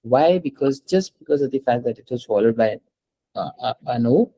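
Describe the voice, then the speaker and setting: A male French teacher with a mellow, slightly husky, medium-pitched voice patiently walks a student through pronunciation rules step by step, repeatedly prompting her to read words aloud. He is expressive and speaks at normal speed, though the audio is poor.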